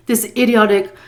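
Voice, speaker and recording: A woman vlogger with a slightly high, somewhat mellow voice tells a casual story-time tale. She laughs often and is blunt and profane, embarrassed at herself in a self-mocking, confessional tone.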